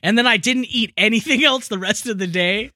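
A high, bright male voice in a relaxed group chat, recorded dry and close. He talks animatedly, piling on playful exaggerations and filler words. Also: brisk, no room sound. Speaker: podcast co-host. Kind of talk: casual chat.

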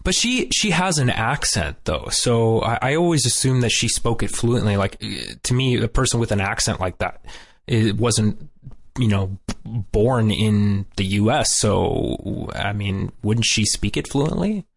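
A man's voice: fairly low pitch, lively intonation, unhurried, creaky. Incredulous man recapping a cartoon. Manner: incredulous, summarizing plot then reacting. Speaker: podcast co-host. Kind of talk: casual chat recapping a cartoon.

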